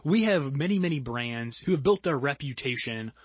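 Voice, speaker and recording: A man's voice: medium pitch, lively intonation, moderate pace, husky, no room sound, dull audio. A man hosting a marketing podcast, upbeat and steering the talk with questions. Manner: upbeat, leads the discussion with questions. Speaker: podcast host. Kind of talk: casual podcast chat.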